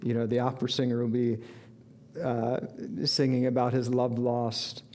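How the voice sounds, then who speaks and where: A man's voice: mid-range voice, completely flat delivery, moderate pace, mellow. A man giving an inspirational sermon as a spiritual teacher, earnest and reflective, with bursts of enthusiasm.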